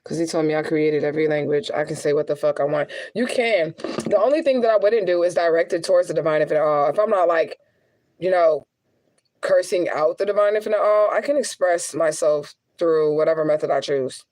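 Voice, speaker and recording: Young adult woman, a medium on a casual live stream; blunt, profane, quick to laugh. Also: low voice, darkish tone. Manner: candid, profane, laughing often. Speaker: spiritual reader and medium. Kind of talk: casual livestream venting.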